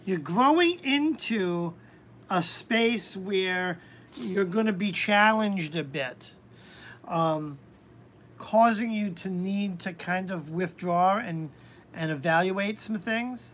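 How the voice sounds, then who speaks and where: A woman hosting a live-stream tarot reading, talking hesitantly with many pauses and ums. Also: mid-range voice, animated, a little hiss or hum.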